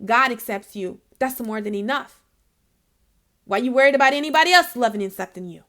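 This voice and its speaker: A woman's voice: a little high, a little fast, fairly bright tone. A woman giving a casual spiritual reading to her viewers. She is chatty and emphatic, laughs often, and speaks straight to the listener to encourage them. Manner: encouraging, addresses the listener directly. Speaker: intuitive reader.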